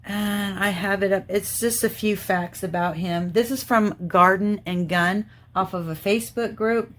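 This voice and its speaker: Working on a diamond painting, the middle-aged host of a crafting channel thinks out loud in a casual, rambling way. She speaks a little slowly, in a medium pitch with fairly even intonation.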